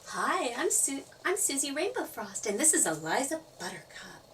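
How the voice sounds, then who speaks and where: A woman voicing a bubbly young female fairy helper with a high, eager voice. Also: big pitch swings, moderate pace, fairly bright tone, far from the mic, a little hiss or hum. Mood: cheerful.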